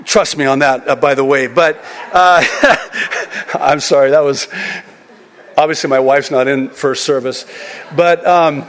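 A man in his forties preaching a sermon as pastor, lively and animated, rising high and loud as he gets excited. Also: takes it slowly. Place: church sanctuary during a service. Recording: long reverb of a church hall.

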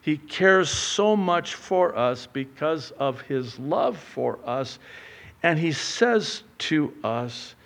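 A man preaching a sermon, swinging from loud urgent appeals to hushed asides and acting out little dialogues, with frequent casual fillers. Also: a little high, animated, slow, gravelly. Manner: conversational asides with many fillers. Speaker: pastor.

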